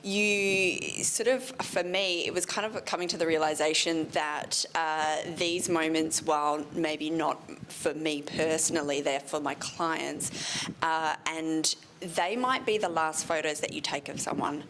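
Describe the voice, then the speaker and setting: A woman wedding photographer speaks on a panel into a handheld mic with a fairly low voice. She is chatty and self-deprecating, and she talks from the heart. There is faint noise behind her. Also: steady tone, measured pace, fairly bright tone. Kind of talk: candid panel talk. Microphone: handheld microphone.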